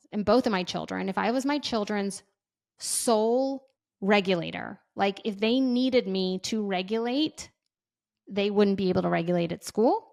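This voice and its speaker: A woman in her thirties hosting a casual advice podcast, chatty and quick to act out little bits of dialogue. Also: mid-range voice, creaky. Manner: chatty, says "like" often, acts out dialogue. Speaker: podcast host.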